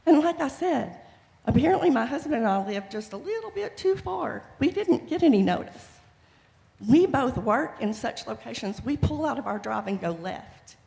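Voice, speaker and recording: In an echoing council chamber, a middle-aged resident gives a passionate, pleading public comment. Her high, mellow voice is expressive, with vocal fry and a moderate pace.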